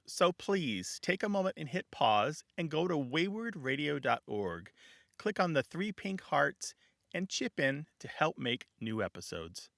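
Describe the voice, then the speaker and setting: A man's voice: a little high, sing-song, measured pace, creaky, fairly bright tone, no echo, clean studio sound. A man co-hosting a radio talk show, laughing easily and explaining where words come from.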